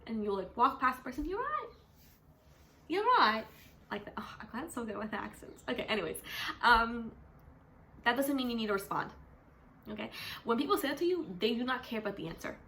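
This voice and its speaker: A young woman from Canada talks casually to camera, chatty and animated, her voice bright and forward. Faint room hum sits behind her. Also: fairly high pitch, fast talker. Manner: chatty, animated, says "like" constantly. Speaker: vlogger; teacher. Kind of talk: casual vlog chat.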